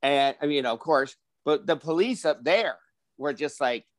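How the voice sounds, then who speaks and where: A man of about sixty tells a long personal story in a casual podcast chat, with a voice a little higher than most men's. He slips into different voices to act out what people said. The recording is dry and close, with no room sound. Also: moderate pace, dry recording. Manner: animated storyteller acting out quoted voices. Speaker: podcast host.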